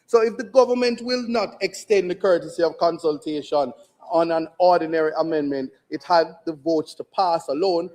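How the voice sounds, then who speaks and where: Man, Jamaican accent, high voice, opposition MP, parliamentary speech, forceful, rhetorical. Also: moderate pace. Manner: forceful, rhetorical, repeats lines for emphasis. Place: parliament chamber.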